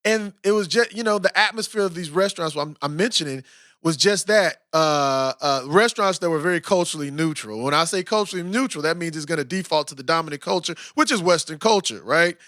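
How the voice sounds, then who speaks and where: A man's voice: on the high side, a little fast, fairly bright tone, no room sound, studio quality. A man from the United States, hosting a podcast interview in an emphatic, playful, slangy way. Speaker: podcast host. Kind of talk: animated conversational interview.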